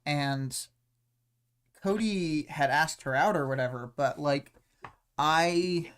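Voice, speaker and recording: Young co-host, halting and rambling, mid-range voice, relaxed chat. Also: mid-range voice, smooth. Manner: hesitant, rambling, heavy use of "like". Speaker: podcast co-host. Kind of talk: casual discussion of a web serial.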